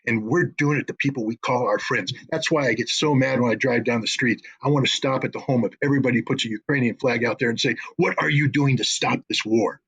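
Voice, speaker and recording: A man's voice: medium pitch, fairly even intonation, quick pace, hardly any pauses, a bit bright, slightly rough, rough recording. A man speaking as an interview guest, emotional and indignant, repeating phrases for emphasis. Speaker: guest commentator. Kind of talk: impassioned interview talk.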